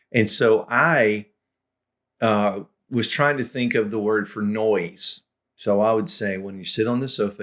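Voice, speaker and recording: A middle-aged man, a language tutor, telling funny stories from his learning in a relaxed, chuckling way and clearing his throat now and then. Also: lowish voice. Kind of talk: anecdotal lesson storytelling.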